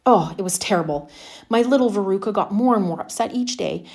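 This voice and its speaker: A woman's voice: mid-range voice, expressive, a little fast, a little mellow, close to an everyday voice. A woman voicing a boastful middle-aged factory owner who spoils his daughter, talking in a chatty, bragging way.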